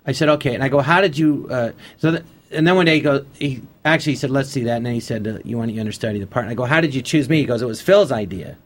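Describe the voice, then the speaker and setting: A man of ordinary pitch chats in a radio studio as a guest comedian. He rambles through anecdotes and slips into the voices of people he quotes. His talk stays loose and conversational. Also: racing. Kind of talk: casual storytelling on a radio interview.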